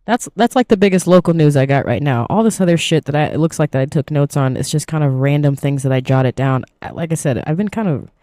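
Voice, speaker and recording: A woman's voice: deep voice, fast, hardly any pauses, dark tone, no echo, studio quality. A woman hosting a casual solo podcast from inside her van, rambling loosely and swearing freely in a groggy morning voice. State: groggy morning voice, short on sleep. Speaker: podcast host.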